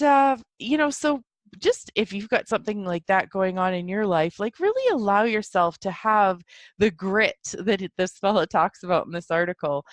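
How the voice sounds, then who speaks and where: A woman's voice: medium pitch, no echo. A woman hosting her own podcast, talking casually in a rambling, chatty way with many fillers and an encouraging self-help tone. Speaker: podcast host. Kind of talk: casual solo talk.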